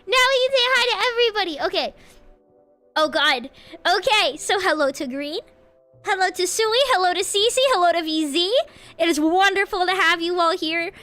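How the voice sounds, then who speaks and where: High, bright, giggly woman streamer. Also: normal speed, soft background music. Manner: bubbly, giggly, meows and playful noises between greetings. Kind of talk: casual livestream chat greeting viewers.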